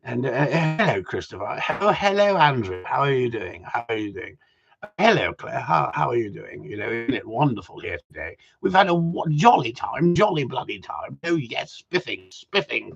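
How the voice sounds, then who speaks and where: A man voicing a jolly, pompous upper-class English gentleman in a drawn-out, plummy way, with a gravelly, husky edge. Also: mid-range voice, sing-song, no echo, highs cut off, voice pushed down, exaggerated voice.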